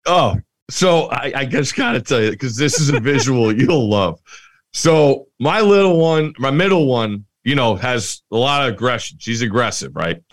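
Laughing, animated male storyteller. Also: medium pitch, normal speed. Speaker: podcast co-host. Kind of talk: casual chat.

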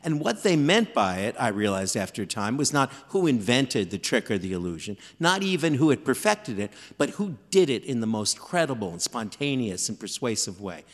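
A man in his fifties tells self-deprecating stories with animated, lively timing. His voice rings with the long reverb of a theater hall. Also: medium pitch, normal speed, hardly any pauses. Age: 50s. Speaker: author guest. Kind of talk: live stage interview. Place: theater stage before live audience.

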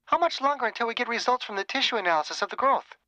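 A man voicing a brisk middle-aged woman medical examiner who speaks decisively, in a businesslike way. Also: extremely high pitch, expressive, pushed and bright, dry recording, voice pushed up, full character voice, low-quality recording.

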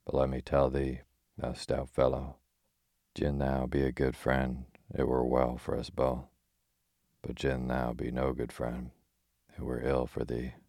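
A gruff tinker, quick to bristle, blusters in old-fashioned talk, as a man reads him in a storybook. The voice is very deep and nearly monotone. It sounds close and dry. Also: dry recording, heavily acted. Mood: blustering. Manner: blustering, archaic speech.

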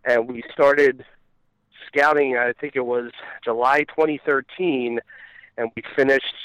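A man from Philadelphia, a documentary filmmaker guest, telling his story in a steady order with fillers, heard over dull, dry remote audio. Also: medium pitch, a little slow, clear, resonant tone, no echo. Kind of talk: casual interview answers.

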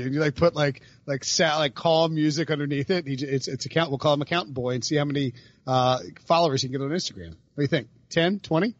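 Man, podcast host, slightly high voice, rambling, animated, dry muffled recording. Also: fast, dry recording. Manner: rambling, animated, self-interrupting. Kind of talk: casual chat.

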